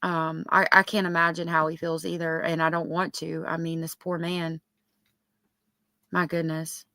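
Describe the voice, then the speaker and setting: A woman's voice: low voice, little pitch movement, moderate pace, pushed and bright, no echo. A woman hosting a casual livestream, reading chat messages aloud and chatting with lots of ums. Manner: chatty, filler-heavy with many ums. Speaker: livestream host.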